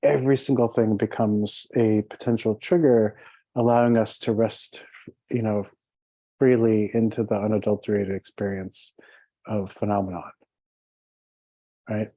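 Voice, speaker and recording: A man's voice: fairly low pitch, normal speed, dark tone, dry recording, poor audio. A man giving a casual, conversational meditation talk as a teacher, chatty and laughing, with plenty of "you know" and "like". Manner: conversational, laughing, many fillers.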